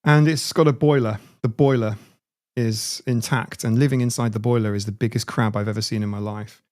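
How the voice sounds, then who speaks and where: A man's voice: medium pitch, steady tone, fairly quick, a little mellow. A man hosting a livestream in a casual, rambling chat. He laughs often and restarts his words. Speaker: livestream host.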